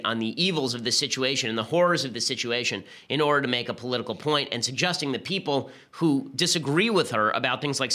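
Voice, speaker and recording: A man hosting a podcast, delivering an argumentative political commentary monologue with quick restarts. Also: mid-range voice, bright, forceful tone. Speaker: podcast host.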